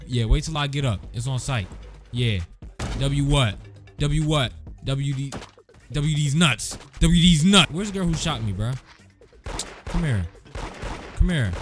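A young man giving casual, slangy commentary while playing a shooting game, animated and quick to trash-talk. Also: medium pitch. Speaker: gaming video creator. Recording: game gunfire noise behind voice. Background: game gunshots and clicks.

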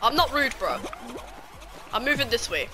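A woman with a British accent that slips Scottish, giving excitable, foul-mouthed commentary on her own gameplay. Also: fairly high pitch, moderate pace, music in the background. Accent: British, slipping Scottish. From Britain. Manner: excitable, swearing, jokey trash talk. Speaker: gaming YouTuber.

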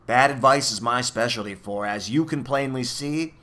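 A man's voice: mid-range voice, moderate pace, lightly acted. A man voicing a small furry male demon who gives mocking bad advice, boasts and then whimpers. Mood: boastful. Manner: mocking shouted advice, sobbing when caught.

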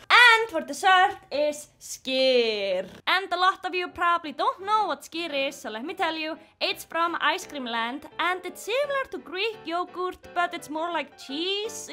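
A young woman with an Icelandic accent, vlogging indoors and chatting excitedly, giggling and baby-talking to her pets. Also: very high-pitched, normal speed, few pauses, soft background music. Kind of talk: casual vlog narration. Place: indoors at her mother's house.

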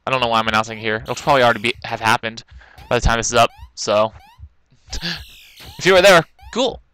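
A young man casually rambling through a let's-play, breaking into loud excited outbursts, recorded on a laptop in his bedroom. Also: medium pitch, fast, smooth, rough recording. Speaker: gaming commentator. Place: bedroom, kneeling at a laptop on the bed. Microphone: laptop mic.

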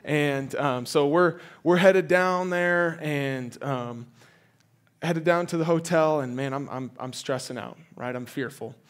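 A young man preaching as a guest speaker, telling a personal story in a loose, animated way with lots of fillers and restarts. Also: on the high side, unhurried.

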